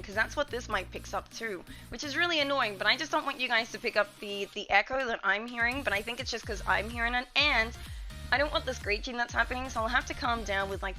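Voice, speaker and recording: A young Australian woman with a fairly high, bright, forceful voice chats casually and playfully with her live-stream audience from a room at home. She's talkative and testing distances on a desk mic, and the recording is rough.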